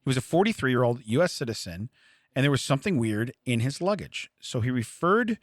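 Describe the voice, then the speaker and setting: A man's voice: mid-range voice, brisk, no echo, studio quality. A man co-hosting a comedy podcast, telling stories in casual chat and laughing often. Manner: animated storytelling, laughs often. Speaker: podcast co-host.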